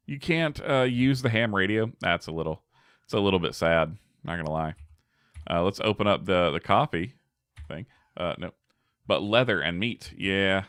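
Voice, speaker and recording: A man's voice: on the low side, expressive, measured pace, pauses often, fairly bright tone, no room sound, studio quality. A man giving casual gameplay commentary as a streamer, chatty, laughing often and talking back to his chat.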